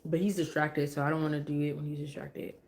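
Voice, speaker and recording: Woman, low-ish voice, chatty mom on a live stream, emotional and sing-song with her kid. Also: flat delivery, quick pace, heavy background noise. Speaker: mother live-streaming at home. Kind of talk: casual live-stream chat.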